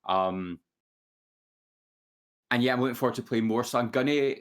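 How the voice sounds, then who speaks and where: Speaking at normal speed in a clean, mid-range voice, this man co-hosts a podcast. His casual chat rambles, with frequent restarts and filler words.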